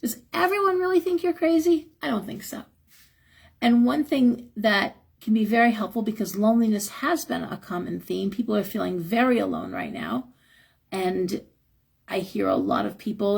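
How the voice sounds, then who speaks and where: A woman's voice: gravelly, breathy edge. A middle-aged woman hosting a live stream, giving frank spiritual advice in a chatty, casual way and sounding a little tired. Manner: chatty, frank, acts out quotes with a higher voice. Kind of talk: casual live-stream talk, reading chat.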